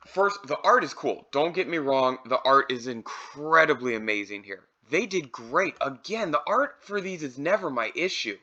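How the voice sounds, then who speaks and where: Bright-voiced man, easygoing card review, slightly dull lo-fi recording. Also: mid-range voice. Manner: relaxed, thinking aloud with fillers. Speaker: card collector reviewing products. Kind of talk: casual product review.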